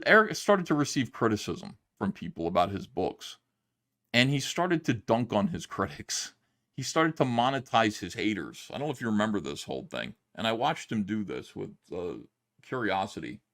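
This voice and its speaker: A middle-aged man, a comic book creator, telling a long story in a casual livestream monologue and acting out the quotes. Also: medium pitch. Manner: rambling, animated retelling with acted-out quotes.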